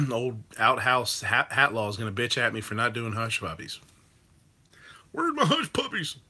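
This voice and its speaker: A man hosts a live stream in a loose, rambling way, with plenty of ums and the odd curse. His voice is bright and forceful. He reacts freely to what his viewers type. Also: medium pitch, normal speed. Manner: rambling, loose, with swearing and many fillers. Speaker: livestream host reading chat. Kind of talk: casual chat.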